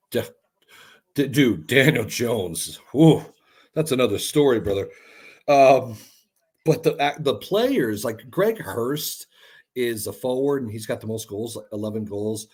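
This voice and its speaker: A man breaks down a soccer team in easygoing sports talk. His voice is a bit husky and his delivery lively and casual, full of fillers and slang. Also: mid-range voice, takes it slowly. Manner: animated, uses filler and "dude". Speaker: soccer commentator guest.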